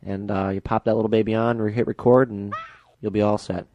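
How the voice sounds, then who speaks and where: A fast-talking man with a lowish voice, co-hosting a casual comedy talk show. He drops wisecracks and quick jokes into the conversation. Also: level tone, warm tone, no room sound, dull audio. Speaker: co-host.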